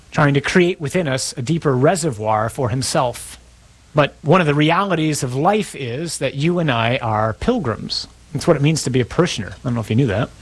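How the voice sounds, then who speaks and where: A man's voice: medium pitch, husky. A man preaching a sermon to his parish in a conversational, storytelling way.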